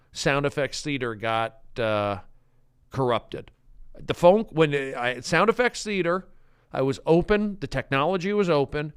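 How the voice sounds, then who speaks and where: A man hosting a comedic podcast monologue, erratic and animated, swinging from loud bits to mumbled asides. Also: medium pitch, smooth, dry recording, clean studio sound. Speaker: host.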